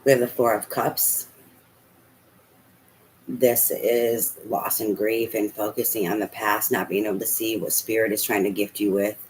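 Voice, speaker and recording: A man's voice: fairly low pitch, little pitch movement, measured pace, a little hiss or hum, low-quality recording. A man giving a casual tarot reading, talking aloud to spirit and swearing now and then. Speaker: tarot reader.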